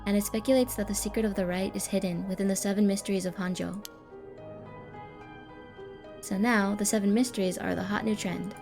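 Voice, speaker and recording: Woman voicing an eager young occult buff, persuasive, mid-pitched, over game music. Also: fairly even intonation, fairly quick, gravelly, pauses often, lightly acted. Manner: explaining, persuasive. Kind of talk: reading game dialogue aloud.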